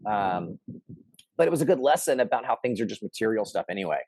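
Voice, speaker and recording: A middle-aged man telling a personal story in casual conversation, animated and shouting out the lines he quotes. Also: on the low side, fast, slightly rough. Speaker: interview guest.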